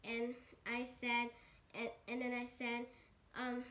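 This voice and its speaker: A child storyteller making up a rambling story with lots of restarts and "and then.". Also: female voice, fairly high pitch, steady tone, measured pace. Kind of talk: improvised kid's story.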